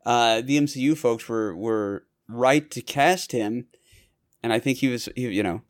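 Male podcast host, mid-pitched, casual and rambling, restarts often. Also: a little slow. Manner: rambling, self-correcting, chatty. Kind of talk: casual chat.

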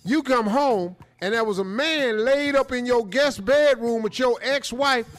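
A man's voice: very high-pitched, a little slow, a bit bright, soft background music. A man hosting a comic advice show, acting out scenes in put-on voices. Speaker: radio show host.

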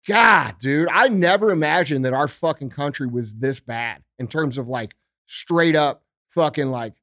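A man's voice: high-pitched, no echo, clean studio sound. Intense swearing man ranting on a podcast. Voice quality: intense, heavy swearing, repetitive rhetorical questions. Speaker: podcast host. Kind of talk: profane political rant.

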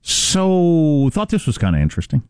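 Wry talk radio host with a lively voice. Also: male voice, a little high, moderate pace, smooth, dry recording. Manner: dry, wry, conversational.

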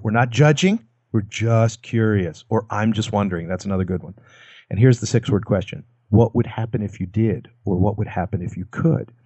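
A man's voice: darkish tone, breathy edge, dry recording. A man explaining communication techniques in a conversational talk, acting out short quoted lines as examples. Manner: demonstrates lines with acted quotes and lowered voice. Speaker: guest expert on persuasion.

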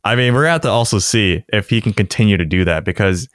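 A man with a deep, smooth voice talks football on a podcast, loose and chatty, often laughing. The sound is close and dry, with no room around it. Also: quick pace, dry recording. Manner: relaxed, chatty, laughs often, says "like" a lot. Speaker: podcast co-host. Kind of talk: casual sports chat.

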